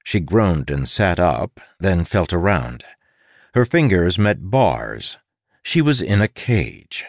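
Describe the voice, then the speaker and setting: Low-voiced man reading an audiobook. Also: very animated, slow pace, vocal fry, no room sound, studio quality. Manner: wry, playful asides. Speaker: audiobook narrator. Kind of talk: scripted narration.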